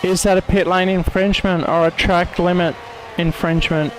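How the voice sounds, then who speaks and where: A man's voice: high-pitched, little pitch movement, moderate pace, faint music behind, rough recording. A man commentating an online sim racing event, calling corners and penalties and mocking his own attempts at an Italian accent. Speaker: race commentator.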